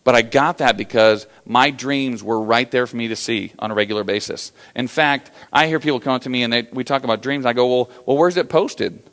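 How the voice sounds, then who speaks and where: A man's voice: medium pitch, a little fast, hardly any pauses, fairly bright tone. A man giving a live motivational talk to an audience, telling stories in a folksy, conversational way. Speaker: motivational speaker.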